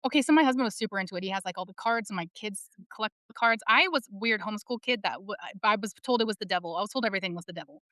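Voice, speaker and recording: A woman in her thirties, speaking as a panel speaker, tells stories candidly and animatedly in a casual discussion, swearing freely. Her medium-pitched voice moves very fast with few pauses, recorded at studio quality with no room sound.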